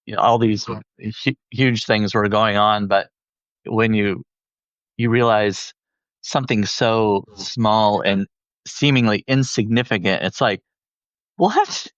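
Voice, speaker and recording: Low-voiced man, slow and hesitant. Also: steady tone, fairly bright tone, dry recording, dull audio. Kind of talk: casual livestream chat.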